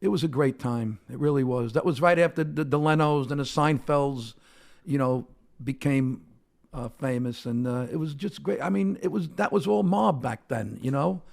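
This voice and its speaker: Gravelly New man in his sixties. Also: on the high side, moderate pace. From Brooklyn, New York. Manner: brash, wisecracking. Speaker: stand-up comedian, guest. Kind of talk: casual storytelling chat.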